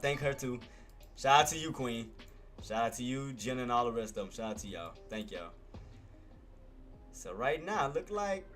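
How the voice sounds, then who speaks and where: A man's voice: medium pitch, a bit bright. A man hosting a live day-trading stream, talking in a casual, slangy way and calling his viewers boss and man. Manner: laid-back, slangy, calls listeners boss and man. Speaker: day-trading livestream host. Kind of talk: casual live market commentary.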